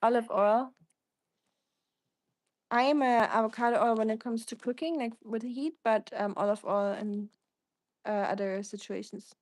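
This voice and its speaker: A woman's voice: fairly high pitch, steady tone, measured pace, pauses often, a little mellow, no room sound. Chatty German-accented woman, dry sound. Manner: chatty, rambling, reads out comments and answers them. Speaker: livestream host. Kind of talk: casual livestream chat answering viewers.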